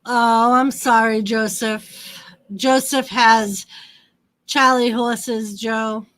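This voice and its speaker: Slow, chatty woman streamer. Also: on the high side, little pitch movement, a bit bright. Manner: chatty, greets viewers by name, talks to pets. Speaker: livestream host. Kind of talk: casual live wrestling commentary and chat.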